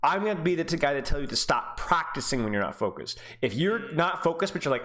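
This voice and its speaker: A man's voice: on the high side, animated, fast, few pauses, fairly bright tone. A man coaching a player over a call, talking casually and encouragingly, laughing easily. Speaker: game coach.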